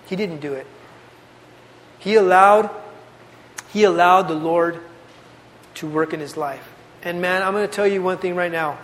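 A man delivers a youth sermon in an earnest, conversational way, looping back on his phrases for emphasis. His voice sits high. The sound carries a long reverb from a large hall. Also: measured pace, pauses often, a bit bright. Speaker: youth pastor.

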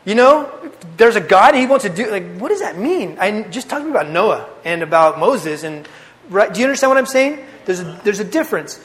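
A young man giving a casual, animated testimony to a youth group, telling his story with slang. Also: high-pitched, a little fast. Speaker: youth speaker. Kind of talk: testimony sermon. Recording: long hall reverb.

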